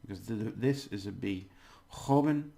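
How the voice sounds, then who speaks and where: A man's voice: fairly low pitch, unhurried, vocal fry. A man giving a casual video language lesson, chatty, exaggerating words to demonstrate them and laughing at his own slips. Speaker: language teacher.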